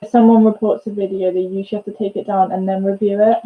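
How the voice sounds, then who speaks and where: A woman's voice: medium pitch, level tone, fast, phone-quality sound. A woman off-mic explaining things in a plain, matter-of-fact way.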